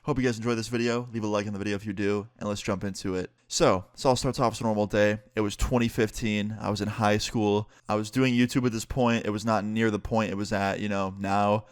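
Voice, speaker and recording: A young man with a lowish voice tells a story in a loose, rambling way, full of "like" and "you know" and the odd swear. The sound is dry and close, with no room echo. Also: steady tone, a little fast, hardly any pauses, clear, resonant tone. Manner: laid-back, filler-heavy storytelling with casual swearing. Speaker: YouTuber. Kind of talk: casual storytime narration.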